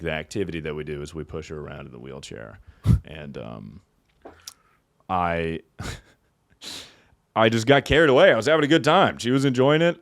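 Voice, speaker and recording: A young man hosting a comedy podcast, riffing casually and laughing often between loud bits and mumbled asides. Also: low voice, no room sound, studio quality. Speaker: podcast host.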